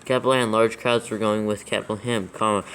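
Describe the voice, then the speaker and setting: A man's voice: on the low side, steady tone, fast talker, fairly bright tone, slight background noise, poor audio. A man reading scripture aloud for proofreading, steadily naming every comma, capital and quote mark as he goes. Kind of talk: dictating text with punctuation read aloud.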